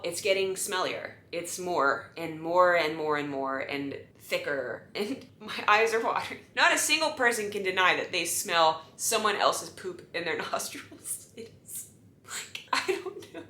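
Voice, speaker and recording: Animated woman telling a story, roomy echo. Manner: animated and exasperated, shifting between hushed asides and loud bursts. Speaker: storyteller vlogger. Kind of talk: casual storytime monologue. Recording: roomy echo with faint rumble.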